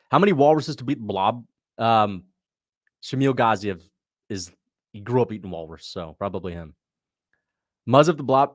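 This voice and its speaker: A man's voice: medium pitch, dry recording, studio quality. Chatty young man hosting a livestream. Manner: loose, chatty, quick to laugh, reads out donations. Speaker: livestream host reacting to fights. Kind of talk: casual livestream commentary.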